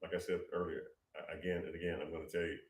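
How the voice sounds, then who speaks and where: A man's voice: low voice, little pitch movement, racing. A man gives a loose, storytelling prophetic talk, often restarting and repeating himself. His voice sounds roomy and a little distant from the microphone. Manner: rambling, repeats words, storytelling. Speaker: prophetic speaker. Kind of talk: informal prophetic teaching. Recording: roomy, off-mic.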